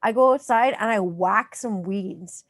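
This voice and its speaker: A woman in her thirties from Canada hosting a podcast in casual chat, animated and full of fillers, swearing freely. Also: mid-range voice, measured pace, dry recording, clean studio sound. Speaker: podcast host.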